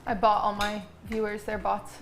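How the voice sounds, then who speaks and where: A woman's voice: medium pitch, monotone, moderate pace, faint music behind. A young woman hosting a cooking livestream, chatting casually with her guest and her chat as she cooks. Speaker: streamer host cooking on stream.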